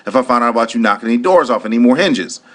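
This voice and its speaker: A man's voice: mid-range voice, lively intonation, racing, a bit bright, pitched above the performer's own voice. A man voicing a stern, dismissive male police sergeant in a curt tone. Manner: curt, repeating orders.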